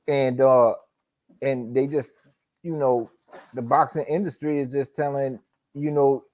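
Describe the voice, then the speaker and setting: A man's voice: on the high side, darkish tone. A man hosting a live boxing talk stream, talking casually and profanely with lots of slang and repetition. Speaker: boxing talk show host. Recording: dull lo-fi stream audio.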